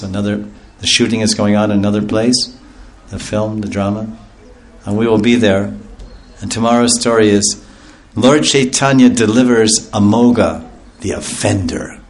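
Animated man telling a devotional story. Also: fairly low pitch. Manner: animated, laughs often, breaks into loud call-and-response chanting. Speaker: storytelling speaker at a devotional class. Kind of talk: lively devotional storytelling talk.

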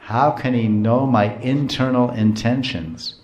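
A man giving a devotional storytelling lecture, animated, chuckling often and explaining terms as he goes. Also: on the low side, measured pace, echoey room. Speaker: preacher.

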